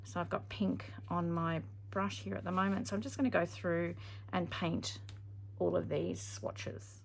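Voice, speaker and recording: A woman's voice: fairly low pitch, level tone, unhurried, vocal fry. A woman narrating a casual craft tutorial, chatty and thinking aloud with frequent ums. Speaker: craft video maker.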